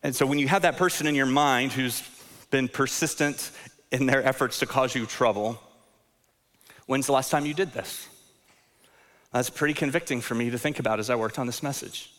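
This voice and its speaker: A man in his thirties delivers a sermon in a relaxed, conversational way, poking fun at himself and often doubling words as he restarts a thought. His voice sits in a middle pitch. A long reverb trails behind him, as in a large church sanctuary. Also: normal speed, pauses often. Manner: conversational, self-deprecating, repeats words when restarting. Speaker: pastor.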